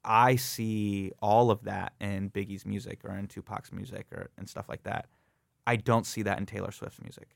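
Gravelly-voiced man telling stories animatedly. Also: lowish voice, normal speed, dry recording, clean studio sound. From United States. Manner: animated storyteller who acts out other people's lines. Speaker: comedian guest. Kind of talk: conversational interview. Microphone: studio microphone.

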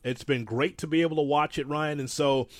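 A man co-hosting a casual wrestling talk show, rambling and self-deprecating, with animated asides. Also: on the high side, fairly quick, no echo, clean studio sound. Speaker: podcast co-host.

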